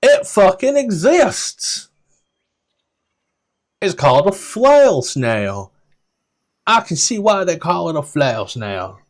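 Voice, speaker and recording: A man with a Scottish accent voicing an excitable woman guide, exclaiming in a high, drawn-out voice. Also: exaggerated voice. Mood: thrilled.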